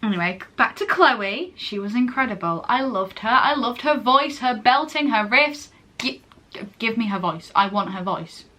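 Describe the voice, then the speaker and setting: A late-teen English girl vlogging in a casual chat gushes and rambles, often interrupting herself. Her voice is fairly high, expressive, pushed and bright, at normal speed.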